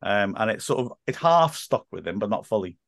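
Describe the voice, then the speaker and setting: A man who works as a football commentator, telling stories as a podcast guest in lively, laugh-filled casual chat. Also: on the low side, a little fast, gravelly, no room sound, studio quality. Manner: animated storyteller, laughs often, acts out quotes.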